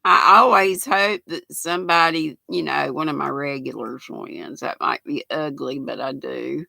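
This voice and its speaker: An older woman in her sixties with a drawl hosts a relaxed livestream, reading out chat messages and greeting viewers by name. She talks slowly in a gravelly voice with a bright edge, close to the mic in a dry room. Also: sits low, no echo. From United States. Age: 60s. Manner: chatty, reads viewer comments aloud and greets viewers by name. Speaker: channel host reading live chat.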